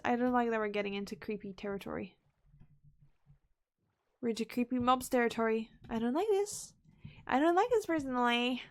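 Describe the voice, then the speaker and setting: A woman's voice: a little high, a bit bright. A woman streaming a game, talking to herself in a playful, chatty way, often repeating words and dropping into whispered asides. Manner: playful, chatty self-talk while playing. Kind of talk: live gameplay commentary.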